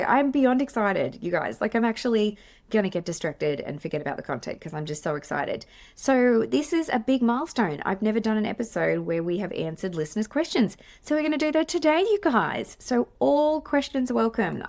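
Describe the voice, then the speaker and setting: Chatty Australian woman in her forties, gravelly. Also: mid-range voice, a little mellow. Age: 40s. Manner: chatty, effusive, rambling, laughs often. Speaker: podcast host, play therapist. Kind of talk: casual solo podcast chat. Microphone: podcast microphone.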